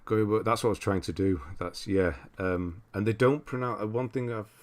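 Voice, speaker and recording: A man with a deep, low-pitched voice hosts a casual livestream. He rambles easily, reads viewer comments aloud and answers them as he goes. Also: normal speed. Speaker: livestream host.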